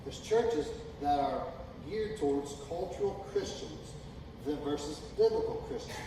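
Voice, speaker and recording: A man preaching a sermon in a folksy, emphatic way, building from calm talk to loud, drawn-out shouting. His voice sits a little high, and it comes from far off in a very echoey hall with a long reverb and clear background noise. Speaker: pastor. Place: church sanctuary. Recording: echoey hall, distant mic, noisy.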